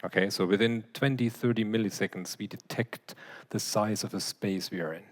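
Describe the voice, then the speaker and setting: A man's voice: fairly low pitch, steady tone, normal speed. A man lecturing in a large hall, explaining points to an audience. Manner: explanatory, demonstrating with his voice. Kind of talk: lecture Q&A answer. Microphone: handheld or clip mic, briefly removed.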